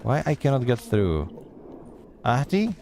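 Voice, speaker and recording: A man's voice: mid-range voice, wildly swooping pitch, a little slow, gravelly, dark tone, soft background music. A man streaming a horror game, chatty and sarcastic, talking back at the game as he plays. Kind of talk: gameplay commentary.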